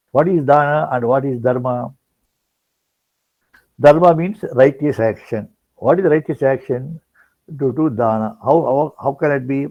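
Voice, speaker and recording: A man's voice: medium pitch, creaky. An older man giving a rambling devotional discourse, full of restarts and repeated words. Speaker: spiritual speaker. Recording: dull lo-fi online talk recording.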